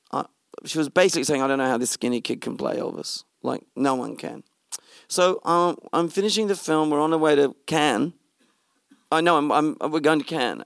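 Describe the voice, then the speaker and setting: A middle-aged man, a film director telling a lively story in an interview and acting out what others said. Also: on the high side, creaky, no room sound, studio quality. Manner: animated storytelling, acts out quoted speech. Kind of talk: interview conversation.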